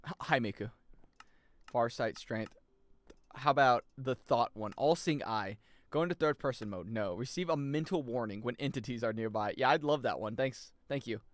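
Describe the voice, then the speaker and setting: A young man streaming a video game, chatting casually, muttering over menus and jumping into loud, high yelps. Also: normal speed, no echo. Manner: excitable, jumps into loud high yelps and laughs; mutters menu options to himself. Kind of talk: casual gameplay commentary.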